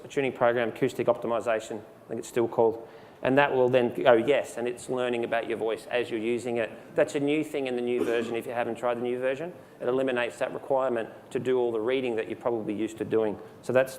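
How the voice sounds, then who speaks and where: A man's voice: medium pitch, fairly quick. Male presenter, chatty live demo, handheld mic, reverberant hall with faint noise. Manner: relaxed, conversational, with many fillers and restarts. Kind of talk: live software demonstration. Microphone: handheld microphone.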